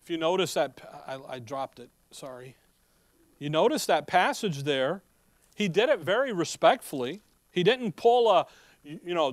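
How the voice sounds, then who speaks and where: A man's voice: on the high side, expressive, unhurried, dry recording. A man preaching a sermon, reading scripture aloud and explaining it in an emphatic, conversational way full of rhetorical questions.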